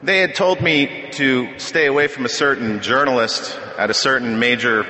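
Bright-voiced middle-aged man at a podium. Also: medium pitch, moderate pace, a little hiss or hum. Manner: conversational storytelling with self-deprecating humor. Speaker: speaker sharing at a recovery meeting. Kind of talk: personal testimony at a podium. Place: meeting hall. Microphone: podium microphone. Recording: echoey hall with long reverb.

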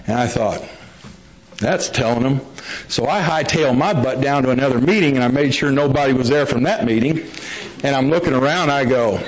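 A man's voice: on the high side, lively intonation, normal speed. A man telling his recovery story to a meeting, a folksy storyteller who acts out the quotes. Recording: dull lo-fi recording.

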